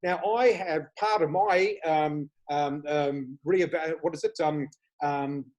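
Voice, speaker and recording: An Australian man guesting on a video podcast, talking with lively, excitable enthusiasm about spiritual matters. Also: a little high, slow pace, poor audio. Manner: enthusiastic, excitable, laughs often. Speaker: flower reader guest. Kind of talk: casual spiritual chat.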